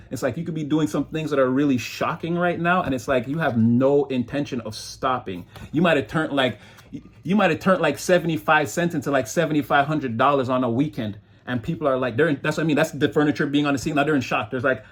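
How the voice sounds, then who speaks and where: A man's voice: a little high, brisk, husky. A man giving a casual, rambling tarot reading, talking loosely and slipping into mocking voices when he quotes people. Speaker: tarot reader.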